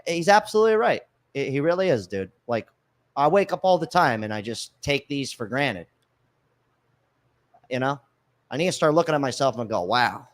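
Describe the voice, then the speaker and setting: A male podcast host talking in a casual livestream chat, his pitch swinging widely as he rants. He swears freely and acts angry in fun. His voice sits at an average pitch for a man. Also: moderate pace, long pauses. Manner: animated, profane, mock-angry.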